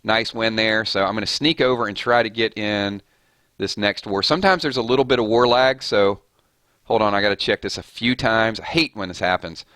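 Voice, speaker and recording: A man hosting a casual gaming live stream, chatting loosely with viewers and giving shout-outs, his voice a little hoarse. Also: fairly low pitch, a little fast, dry recording. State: slightly hoarse. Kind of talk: casual live-stream chat over gameplay.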